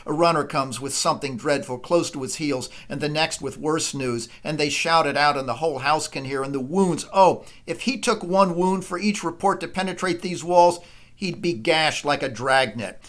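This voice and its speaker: A man reading the lines of a scheming queen who feigns grief, in a hurried, lowered dramatic reading. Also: a bit bright, lightly acted. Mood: mournful.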